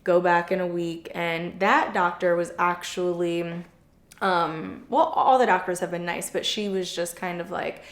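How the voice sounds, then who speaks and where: A woman's voice: on the low side, a little slow. Chatty young woman in an echoey room. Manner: chatty and open, frequent "like" fillers, animated retelling. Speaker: podcast co-host. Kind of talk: candid personal storytelling.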